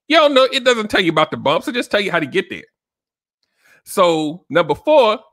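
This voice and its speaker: A man hosts a solo relationship-advice podcast, addressing listeners casually and directly and often checking in with "right?". His voice is a little high with a sharp tone, in clean studio sound with no room sound.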